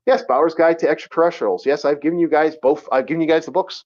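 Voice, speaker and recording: A man's voice: fairly high pitch, quick pace, darkish tone, lo-fi sound. A man hosting a casual group voice call, loose and joking, swearing casually, recorded on a home computer mic. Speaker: host.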